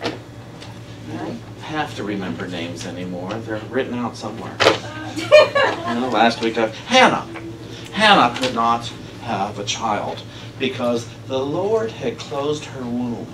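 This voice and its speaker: A man's voice: medium pitch, big pitch swings, slow. A man giving a casual, conversational sermon, telling a story with frequent laughter. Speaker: minister. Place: church sanctuary. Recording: echoey hall, far from mic, noisy.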